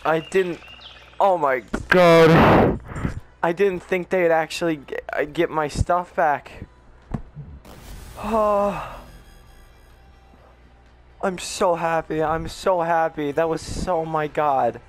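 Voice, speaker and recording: A young man gamer reacting live to a crate opening, ecstatic and shaky, shouting at times and close to tears. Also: on the high side, fairly even intonation, slow, long pauses.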